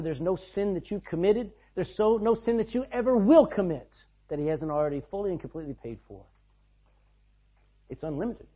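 Male preacher, husky and a little high-pitched, dramatic loud-soft delivery; muffled lo-fi recording. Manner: dramatic swings between loud and hushed. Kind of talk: sermon. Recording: dull lo-fi sound.

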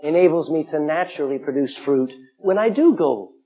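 A middle-aged male pastor preaching a sermon, emphatic, swinging from loud calls to hushed asides. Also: on the high side, expressive, normal speed, breathy edge.

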